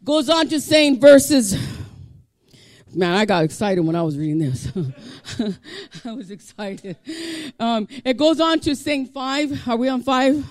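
A male pastor preaching a sermon, reading scripture aloud and breaking into passionate, shouted exhortation. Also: very high-pitched, big pitch swings, normal speed, no echo. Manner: impassioned, builds to shouting.

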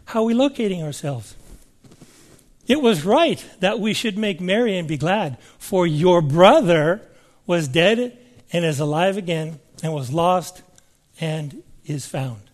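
Male preacher, high pitch, emphatic, scripture reading with rhetorical questions. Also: expressive, a little slow. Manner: emphatic, asks the listeners questions, reads scripture aloud. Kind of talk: sermon.

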